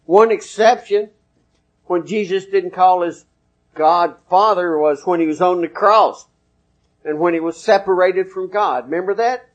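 A male preacher delivers his sermon in a relaxed, folksy, conversational way, citing chapter and verse as he goes. His voice sits fairly high for a man. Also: unhurried, lo-fi sound.

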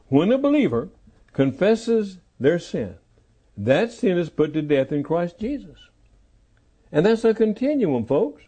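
An older man preaching a sermon, emphatic and repetitive, dropping to low, quiet phrases and then rising to loud calls. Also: breathy edge. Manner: emphatic, repeats key phrases, swings between soft lows and loud calls.

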